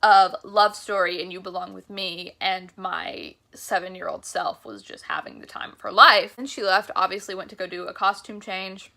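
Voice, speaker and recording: A woman's voice: medium pitch, steady tone, normal speed, vocal fry, hardly any pauses, sharp tone. A young woman vlogger telling a concert story in a chatty, gushing way, full of "like" fillers. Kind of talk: casual storytelling vlog.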